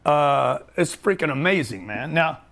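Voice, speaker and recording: Brief: middle-aged host, high-pitched, brash, joking, slangy. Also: male voice, animated, measured pace, creaky. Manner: loud, joking, pushy, slangy. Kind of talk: energetic office talk to camera.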